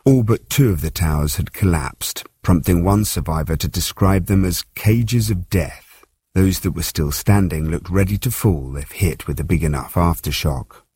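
Low, husky male reporter narrating. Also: darkish tone, dry recording, clean studio sound. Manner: measured, storytelling delivery.

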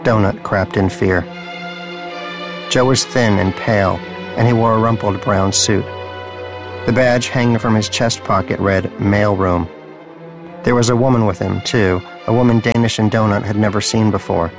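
A man reading a story aloud in a dry, deadpan narrating style. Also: fairly low pitch, normal speed, over music. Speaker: audiobook narrator. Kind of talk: scripted narration.

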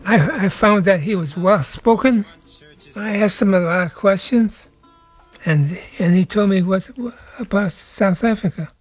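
An older man from the United States answers interview questions in a soft-spoken, halting way, often repeating words as he thinks. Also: sits high. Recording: faint music underneath.

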